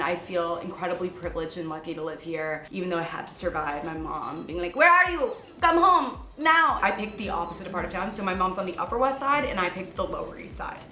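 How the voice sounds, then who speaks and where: A woman's voice: on the low side, fairly bright tone. A bubbly, upbeat woman in her twenties from New York, chatting as host of a home tour vlog. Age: 20s. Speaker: video producer and host. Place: her apartment. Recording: echoey room, faint background music.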